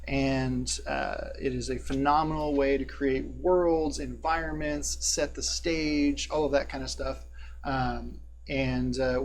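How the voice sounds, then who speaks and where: A man narrating a tabletop game as game master and hosting a live stream, talking casually with many fillers and a hushed tone for eerie scenes. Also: a little high. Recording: faint buzzing hum in the background.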